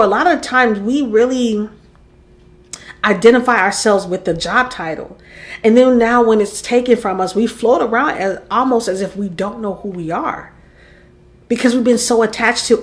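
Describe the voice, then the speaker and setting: A woman in her forties talking candidly in a personal vlog, reflective and openly vulnerable, admitting she rambles as she thinks aloud. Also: on the high side. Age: 40s. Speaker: content creator and podcaster.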